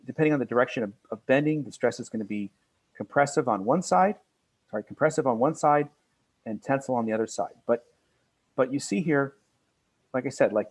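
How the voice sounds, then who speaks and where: Older guy teaching engineering class, mid-pitch, keeps restarting and fixing himself. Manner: halting, self-correcting, pointing at diagrams. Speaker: lecturer. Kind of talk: classroom lecture on materials.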